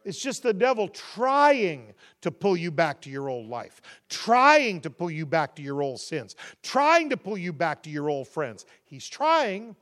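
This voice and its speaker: Male pastor, high voice, preaches with climbing intensity and calls the congregation to respond. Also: very animated, unhurried, hardly any pauses, a bit bright. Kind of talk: sermon.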